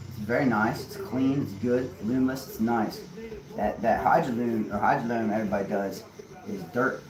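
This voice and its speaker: A man rambling on a live stream, swearing and laughing to himself, heard from far off in an echoey room. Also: mid-range voice. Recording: echoey room, mic far off, crowd noise.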